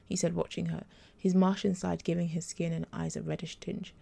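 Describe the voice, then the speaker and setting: Female audiobook narrator, measured delivery. Dark, gravelly tone. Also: on the low side, fairly even intonation. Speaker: storyteller. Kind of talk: reading a story aloud.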